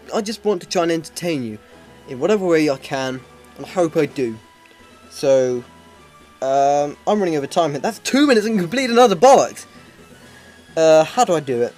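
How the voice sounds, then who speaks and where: Male gamer, somewhat high voice, halting, self-deprecating live commentary over faint game music. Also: a little mellow. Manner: rambling, hesitant, many ums and restarts. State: voice starting to hurt. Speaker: let's play commentator.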